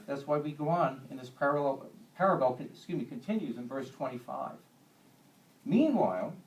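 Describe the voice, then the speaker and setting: A man's voice: on the high side, a little mellow. A man teaching a Bible lesson to a church group in a conversational way, with homely humorous asides. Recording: echoey room, distant mic.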